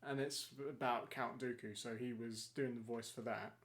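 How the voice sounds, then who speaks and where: A man's voice: medium pitch, fairly even intonation, normal speed, fairly bright tone. A man co-hosting a podcast in casual chat, enthusiastic, laughing often and swearing casually. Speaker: podcast co-host.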